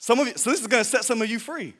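A man's voice: very high-pitched, racing. A man preaching a sermon, telling a story with jokes and lots of self-interruptions before moving to exhortation. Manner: animated, jokey, self-interrupting. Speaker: pastor. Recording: long hall reverb.

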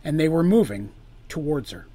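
A man with a somewhat high voice reads a dark fantasy story aloud. His dramatic delivery sinks low and quiet on grim moments and rises louder when the action builds. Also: normal speed. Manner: expressive reading that drops low and quiet on grim lines and rises loud on tense ones.

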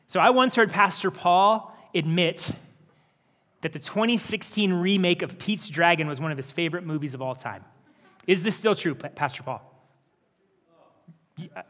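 Male pastor, high voice, earnest sermon with stumbling restarts, long church reverb. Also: moderate pace, long pauses, a bit bright. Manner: earnest, with repeated word restarts. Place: church sanctuary.

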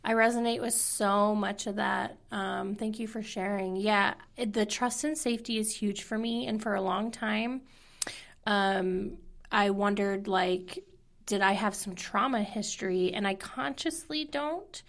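A woman talks candidly and earnestly, her voice carrying a steady gravelly fry. She sounds emotional and personal, and at times she sinks into a whisper. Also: medium pitch, normal speed. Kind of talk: candid intimate conversation.

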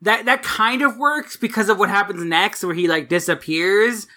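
Bright speaker, halting casual chat. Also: medium pitch. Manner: halting, lots of "like", repeats words. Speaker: podcast co-host.

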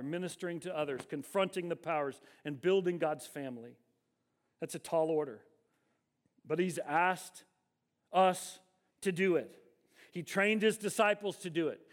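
High-voiced man preaching a sermon. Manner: emphatic preaching, slowing on key words. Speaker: pastor.

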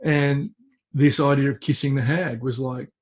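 A man, a podcast guest, telling a folk tale in a relaxed conversational way, often stopping and restarting his phrases. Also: medium pitch, normal speed. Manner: hesitant, restarts phrases, tells story with acted quotes. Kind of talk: conversational storytelling. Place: at home with a cat.

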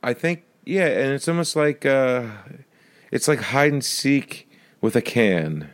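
A man's voice: mid-range voice, very animated, slow pace. A man co-hosting a podcast, joking casually about a movie and slipping into silly voices now and then. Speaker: podcast co-host.

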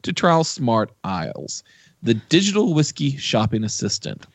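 A man's voice: medium pitch, very animated, unhurried, dry recording. A man co-hosting a casual podcast, reading out a news item and adding dry asides. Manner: reads copy with dry asides. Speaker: podcast co-host.

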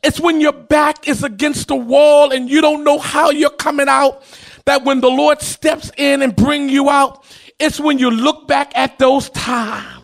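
A man preaching a sermon in a chanting, repetitive cadence, often rising into shouts and sing-song. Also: extremely high pitch, steady tone, unhurried, creaky, faint music behind. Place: church.

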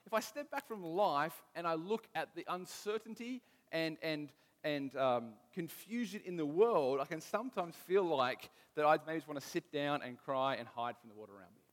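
A man's voice: fairly high pitch, expressive, normal speed, few pauses, in a large hall. A man, preaching a casual sermon with stories from home, often restarting his sentences. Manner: conversational, self-deprecating, restarts often.

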